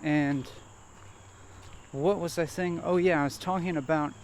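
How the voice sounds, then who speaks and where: A man vlogging as he walks a nature trail, thinking aloud in a halting, hesitant way and repeating words. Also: a little high, steady tone, darkish tone. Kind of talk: rambling self-reflective monologue while walking. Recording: faint outdoor noise.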